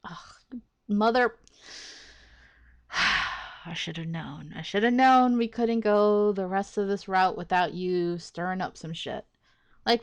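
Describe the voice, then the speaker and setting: A woman hosting a let's play of a visual novel, giving casual, exasperated commentary with frequent swearing and laughter. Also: medium pitch.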